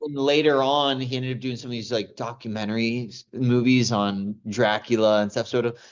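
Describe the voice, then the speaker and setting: A man's voice: medium pitch, fairly even intonation, normal speed, muffled recording. A young man in casual chat, rambling with many restarts and plenty of enthusiasm. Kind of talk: casual chat about old movies.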